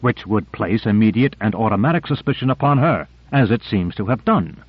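A man's voice: fairly low pitch, expressive, fairly quick, slightly rough, dry recording. A man voicing a tense, suspicious male agent who answers tersely. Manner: terse and defensive. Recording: dry narrow phone-like audio.

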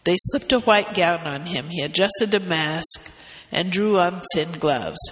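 High-voiced male story reader. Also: a little slow, in a large hall. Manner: expressive, steady narration. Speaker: narrator. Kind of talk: storybook reading.

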